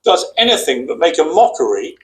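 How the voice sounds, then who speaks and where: A man's voice: a little high, big pitch swings, fairly quick, reverberant, a little hiss or hum. A middle-aged British man hosting a TV talk show, sternly scolding his guest and pressing her for answers. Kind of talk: confrontational interview.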